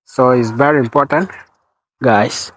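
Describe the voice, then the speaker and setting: A man speaking as an in a casual outdoor vlog, talking slowly and repeating his points while walking through a park with a phone camera. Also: medium pitch, steady tone, no echo, poor audio. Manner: slow and repetitive, restating points. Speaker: vlogger.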